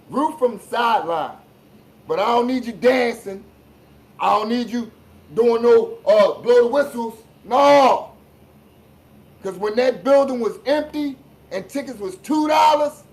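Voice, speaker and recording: A man from Philadelphia hosts a live-streamed sports talk show, ranting bluntly with plenty of profanity. He drops low for asides and rises into shouts. The audio quality is poor.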